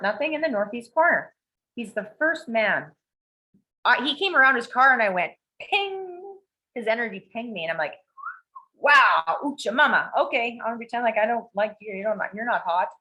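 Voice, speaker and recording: Profane, animated woman telling a story. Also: mid-range voice, poor audio. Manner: profane, animated, acts out quoted dialogue. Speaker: podcast co-host. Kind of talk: casual storytelling chat. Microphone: video call.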